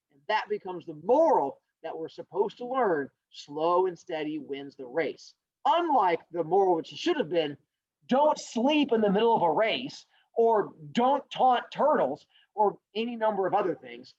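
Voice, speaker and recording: A male teacher telling a fable to his class, rambling and joking in an animated way over a video call. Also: sits high, measured pace, muffled recording. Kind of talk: storytelling lesson.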